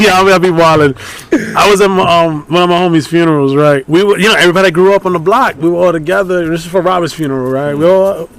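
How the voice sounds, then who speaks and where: A middle-aged man hosting a casual round-table podcast, telling animated stories full of slang and fillers. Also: a little high, slight background noise. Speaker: podcast host.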